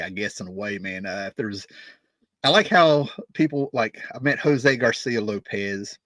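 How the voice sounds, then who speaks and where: A man in his fifties with a fairly low voice tells a loose, rambling story about meeting musicians, speaking as a music vlogger. He keeps tossing in "right?" and "you know" as he goes. The sound is dry and close, with no room echo. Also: a bit bright. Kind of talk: casual storytelling.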